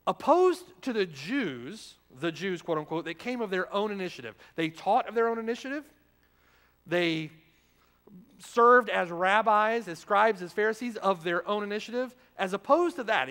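Guy preaching, fairly high voice, big church echo, lots of loud then quiet. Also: animated, moderate pace. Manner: emphatic, rhetorical questions, swings from loud to hushed. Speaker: pastor. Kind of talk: sermon. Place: church sanctuary. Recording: long reverb of a church hall.

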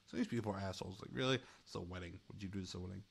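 A man's voice: sits low, racing, vocal fry, husky. A man streaming a chat game, commenting casually, laughing often and swearing freely, and sounding short on sleep.

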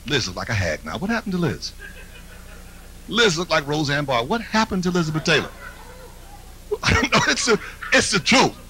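A man's voice: a little high, very animated, normal speed, pauses often, sharp tone, slight background noise, poor audio. A man performing a live stand-up routine, brash and mocking, with confiding asides to the crowd. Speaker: stand-up comedian. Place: comedy stage.

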